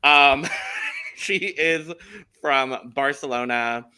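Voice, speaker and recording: A man with a very bright, forceful voice, chatting casually as a podcast co-host. He reads out details with plenty of enthusiasm. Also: mid-range voice, drawn-out words, clean tone. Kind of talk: casual chat.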